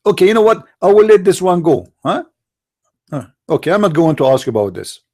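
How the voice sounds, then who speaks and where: High and sing-song with a darkish tone, the streamer's voice moves fairly quickly. Debating callers through a computer mic, he delivers a mocking polemic monologue, taunting his opponents with sarcastic rhetorical questions.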